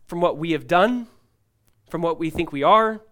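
A pastor preaching a sermon in a lively, conversational way. He uses casual asides, jumps into excited bursts when quoting people, and drops low and quiet for earnest points. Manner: animated and conversational, with many "like" asides and quick restarts; voices quoted people with sudden high excited bursts.

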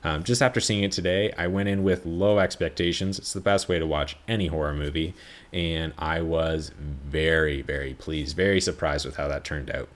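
A man's voice: a bass voice, steady tone, normal speed. A man hosting a podcast, chatting casually about a film in a rambling, self-correcting way, swearing freely. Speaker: podcast host. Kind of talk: casual movie review chat.

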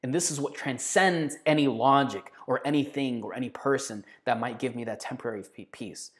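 A man preaching a sermon in an earnest, emphatic way, slowing down and dropping to a hush on key phrases. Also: mid-range voice.

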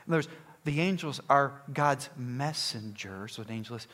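A man's voice: medium pitch, animated, moderate pace, a bit bright. A man preaching a sermon in an emphatic, conversational way, often restarting phrases.

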